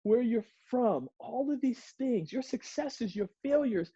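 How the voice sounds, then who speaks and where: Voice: mid-range voice, expressive, measured pace, mellow, slightly rough, no room sound, muffled recording. A presenter giving a diversity workshop to a group in a playful way, acting out examples and laughing often.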